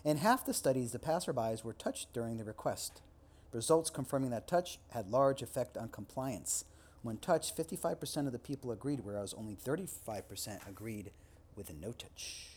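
A man's voice: medium pitch, expressive, moderate pace, a little mellow, breathy edge. A man teaching a recorded lecture, reading textbook passages and adding loose spoken asides with fillers. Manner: reads aloud, then adds loose asides with fillers. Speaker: instructor.

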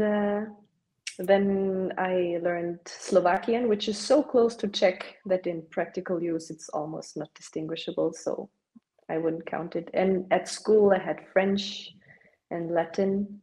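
A woman's voice: mid-range voice, a little mellow, poor audio. A young woman, chatting casually as a podcast guest and dropping "like" often. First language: German. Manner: chatty, peppers speech with "like". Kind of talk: casual chat.

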